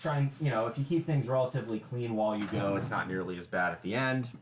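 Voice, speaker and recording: A man's voice: fairly low pitch, quick pace, echoey room, a little hiss or hum. A man hosting a casual cooking livestream, chatty and explaining each step with wry asides, recorded in a home kitchen. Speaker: livestream host.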